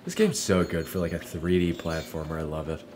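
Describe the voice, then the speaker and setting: In a low, brisk voice with background noise behind it, a young streamer gives casual let's play commentary. He swears freely, laughs a lot, and thinks out loud while playing.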